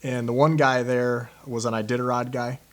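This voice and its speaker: A man's voice: medium pitch, little pitch movement, normal speed, fairly bright tone. A man hosting a podcast, chatting casually and telling his own story. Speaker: podcast host. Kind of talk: casual chat.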